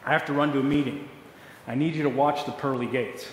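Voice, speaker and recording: A man's voice: mid-range voice, steady tone, fairly quick, pitched below the performer's own voice, close to an everyday voice. A man voicing a businesslike male gatekeeper of heaven, explaining the rules in a matter-of-fact way. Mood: hurried. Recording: echoey hall, faint noise.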